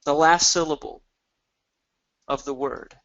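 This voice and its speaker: A middle-aged man pitches his product on a webinar with animated, emphatic energy, stacking short repeated phrases. His voice sits a bit high. The audio is dull and lo-fi, like a call. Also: a little slow. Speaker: product seller on a marketing webinar.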